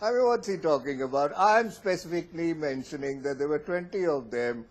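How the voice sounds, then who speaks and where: Man, studio panelist, indignant, scornful, high voice, lively intonation. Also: brisk. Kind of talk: heated TV panel debate.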